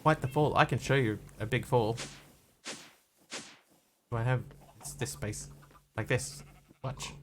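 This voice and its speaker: A man's voice: mid-range voice, measured pace, long pauses, a little hiss or hum. Chatty man streaming a block-building game. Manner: chatty, rambling, greets viewers with bursts of excitement. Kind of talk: casual game commentary.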